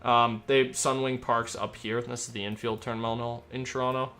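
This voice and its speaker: A man streaming himself as an air traffic controller. He talks in an upbeat, rambling way between crisp radio calls. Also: medium pitch, little pitch movement, moderate pace, pushed and bright. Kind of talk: live-stream commentary mixed with radio phraseology.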